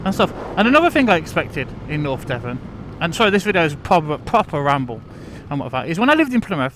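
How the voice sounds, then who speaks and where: High-voiced man rambling outdoors. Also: fairly bright tone, a little hiss or hum. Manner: chatty, self-deprecating, full of restarts and fillers. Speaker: vlogger. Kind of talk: casual rambling monologue. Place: outdoors on country lanes, riding a bike.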